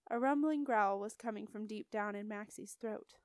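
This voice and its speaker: A woman's voice: mid-range voice, moderate pace, few pauses, clear, resonant tone, no room sound. Woman reading an audiobook, dry close sound. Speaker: audiobook reader. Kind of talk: audiobook narration.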